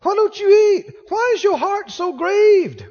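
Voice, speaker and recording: A preacher voicing a coaxing, teasing husband. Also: male voice, very high-pitched, big pitch swings, unhurried, a little mellow, long reverb tail, dull audio, pitched above the performer's own voice, exaggerated voice. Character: fond, teasing husband, adult man.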